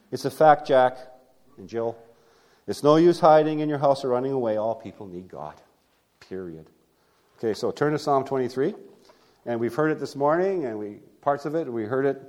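Male pastor, sermon, mid-pitched voice, conversational, repeats himself, loud emphasis then hushed asides. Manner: conversational, repeats phrases, rhetorical questions; swings between loud emphasis and quiet asides.

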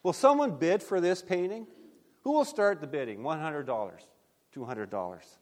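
A man voicing a persistent, formal auctioneer in a sermon story, announcing in a measured way. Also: a little high, animated, big-room sound, lightly acted.

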